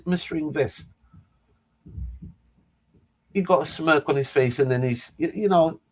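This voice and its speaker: A middle-aged man vlogging, telling a story in an animated way, stammering and repeating words as he acts out what was said. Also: on the high side, slow, pauses often.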